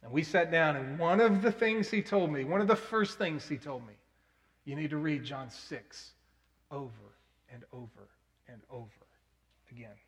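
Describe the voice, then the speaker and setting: A man preaching a sermon, telling stories earnestly and breaking into loud, emphatic bursts. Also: on the high side, moderate pace. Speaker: pastor. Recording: long hall reverb.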